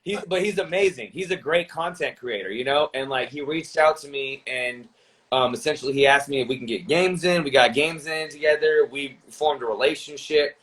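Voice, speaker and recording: A man's voice: medium pitch, moderate pace, a bit bright, low-quality recording. A young man, a gaming streamer, talking casually as a podcast guest, rambling with lots of fillers and restarts.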